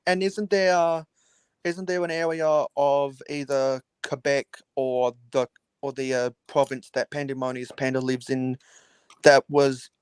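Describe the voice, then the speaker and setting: Slow, smooth-voiced man, halting. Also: mid-range voice, no echo. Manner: measured, halting, with many restarts. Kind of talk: casual chat.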